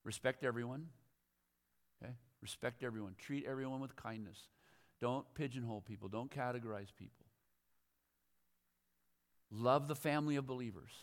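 A man's voice: medium pitch, normal speed, pauses often, long reverb tail. A middle-aged man preaching a conversational, self-deprecating sermon in a church, often laughing at himself. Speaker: pastor. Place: church sanctuary.

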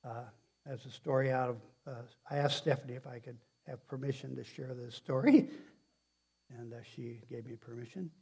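A man preaching a sermon in a halting, conversational way, often restarting sentences and putting questions to the congregation. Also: mid-range voice, creaky, dark tone, slightly rough. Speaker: pastor.

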